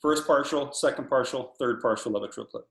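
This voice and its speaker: A man in his sixties giving a casual drum lesson over a video call, animated and counting off patterns as he explains them. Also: medium pitch, brisk, vocal fry, echoey room, slight background noise. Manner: animated, talks through patterns while counting off. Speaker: drum instructor.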